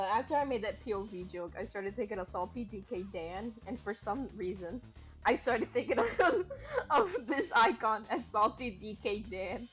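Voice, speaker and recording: A woman streamer giving casual gameplay commentary, giggling often, swearing freely and riffing on her own jokes. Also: a little high.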